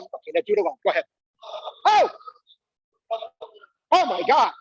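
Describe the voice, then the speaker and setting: A man's voice: very high-pitched, wildly swooping pitch, normal speed, gravelly, pauses often, dry recording, highs cut off. A man performing a live comic monologue, coaxing the audience to join in and squealing with delight. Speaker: solo performer. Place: small live venue.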